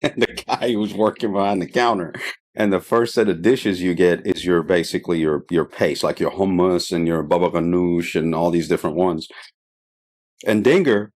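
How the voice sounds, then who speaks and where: A middle-aged man from the Middle East tells a long anecdote on a podcast in a very low, deep voice. He is chatty and loose, laughing often between lines and wandering through fillers as he goes. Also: moderate pace, darkish tone. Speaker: podcast guest. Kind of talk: casual storytelling.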